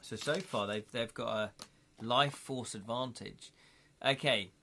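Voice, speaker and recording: A man's voice: mid-range voice, a little slow, vocal fry, pushed and bright, a little hiss or hum. A man chatting casually on a live stream as he plays through a gamebook, thinking aloud and correcting himself as he counts up dice rolls.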